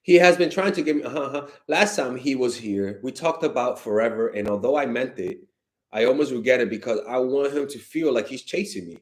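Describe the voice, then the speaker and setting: Blunt, animated man giving dating advice. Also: mid-range voice. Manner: blunt, exasperated, animated, swears freely. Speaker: dating coach answering fan questions. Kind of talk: casual livestream advice.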